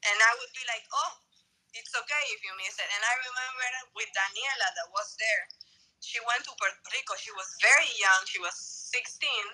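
Woman, from Bolivia, former tennis player, animated storyteller, very bright sharp voice, tinny phone line. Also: on the high side, a little fast. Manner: animated storytelling, acting out quotes. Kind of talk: casual interview conversation.

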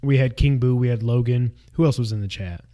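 A young man co-hosting a casual gaming podcast, an animated storyteller who acts out his own yelling. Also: mid-range voice, fairly quick. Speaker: podcast co-host.

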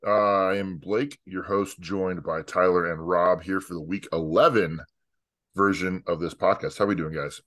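A man's voice: deep voice, steady tone, moderate pace, fairly bright tone, no echo, studio quality. A man hosting a casual podcast, rambling and teasing his co-hosts as he jokes through the intro. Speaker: podcast host.

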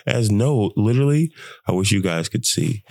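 A young man hosting a podcast, sick with the flu, talking in an animated, preachy way and laughing often. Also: on the low side, normal speed, gravelly, dry recording. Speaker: podcast host. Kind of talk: casual motivational monologue.

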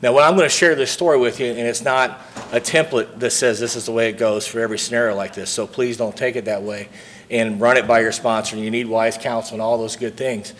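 A man's voice: medium pitch, steady tone, fairly quick, a little hiss or hum. A man speaking from a podium at a recovery convention, telling his story earnestly and acting out the dialogue. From St. Louis, Missouri.

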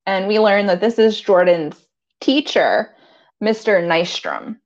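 A woman's voice: medium pitch, sing-song, slow pace. Chatty, giggly woman recapping an episode. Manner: chatty, giggly, quotes characters in voices. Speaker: podcast co-host recapping a TV episode. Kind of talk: casual recap chat. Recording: slightly dull lo-fi sound.

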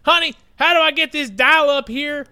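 A man's voice: very high voice, normal speed, sharp tone, voice pushed up, full character voice. A man putting on a dazed meth-head. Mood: confused rambling. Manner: drawling, rambling, confused. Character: dim-witted Southern man on meth, middle-aged.

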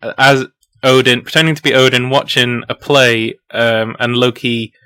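A man's voice: mid-range voice, level tone, moderate pace, pushed and bright, smooth, no room sound. Rambling laughing man, dry sound. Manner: rambling, laughing, acts out quotes. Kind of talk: casual film review chat.

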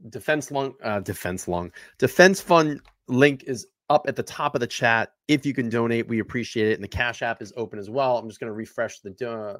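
A man's voice: medium pitch, fairly quick, hardly any pauses, fairly bright tone, dry recording, studio quality. A man hosting a livestream casually, reading out donations and introducing clips. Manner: easygoing, reads donations aloud. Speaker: livestream host.

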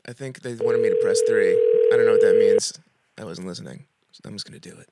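A man's voice: fairly low pitch, quick pace, very noisy. A young man hosting a casual comedy chat, rambling and hesitant with many fillers. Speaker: podcast host and prank caller.

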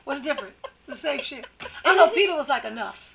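A woman co-hosting a casual entertainment chat, playful and quick with a joke. Her voice sits high and swings widely, with a gravelly edge. Background noise is clearly audible. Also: expressive. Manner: playful, jokey, laughs often. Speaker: co-host.

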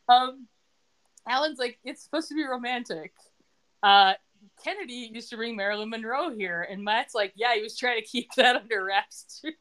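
A middle-aged woman hosting a relaxed podcast, recapping a TV episode in a chatty, joking way. She moves through scenes quickly and quotes characters' lines along the way. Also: on the high side. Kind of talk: casual chat.

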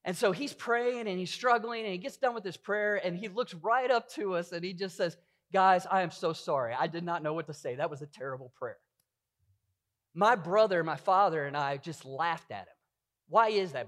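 A man's voice: sits high, a bit bright. A middle-aged man preaching a sermon as pastor, earnest and full of rhetorical questions.

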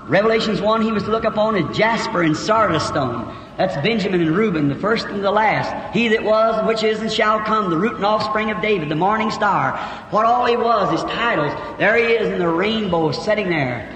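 A man preaching, telling a folksy rural story that swings from hushed tones to shouting. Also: sits high, lively intonation, normal speed. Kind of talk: sermon storytelling. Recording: echoey hall with faint background hiss.

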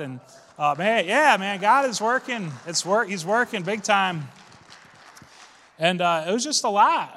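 A man's voice: fairly high pitch, pushed and bright, in a large hall. A man preaching a sermon as pastor, casual and folksy, building to fervent calls to his congregation.

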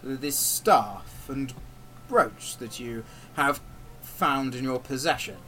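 A man playing a stern male interrogator who speaks slowly and formally, with quiet menace. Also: mid-range voice, expressive, slight background noise. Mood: menacing. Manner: slow, measured, formal menace.

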